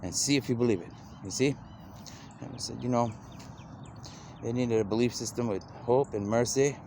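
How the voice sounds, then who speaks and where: A man rambles on in an unhurried stream of talk, stringing thoughts together with endless "you know"s. His voice sits at an ordinary middle pitch. A faint background hiss runs under the recording. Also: creaky, darkish tone. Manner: rambling, loose, repeats "you know" constantly, slips into quoted voices. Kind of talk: rambling monologue.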